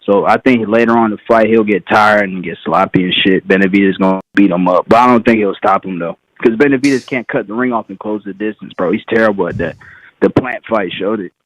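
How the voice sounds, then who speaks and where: A man's voice: lowish voice, brisk, no echo, poor audio. A man calling into a boxing podcast, talking in a laid-back slangy way with many fillers. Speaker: caller. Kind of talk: call-in boxing analysis.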